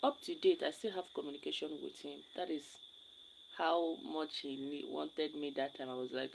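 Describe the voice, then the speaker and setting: A young woman with a Nigerian accent talks loosely to her live-stream viewers, looping back over her own words as she goes. Her voice sits low and carries a gravelly edge. Faint insect noise hums behind her. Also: fairly even intonation, normal speed, low-quality recording. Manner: rambling, repeats her words. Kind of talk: casual chat with viewers.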